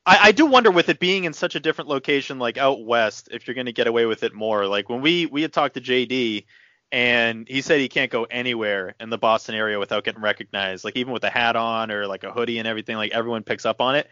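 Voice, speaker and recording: A man as a podcast guest in casual chat, animated, acting out quotes as he tells stories. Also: mid-range voice, quick pace, no room sound, dull audio. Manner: animated storyteller who acts out quotes. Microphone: remote mic, muting for phone.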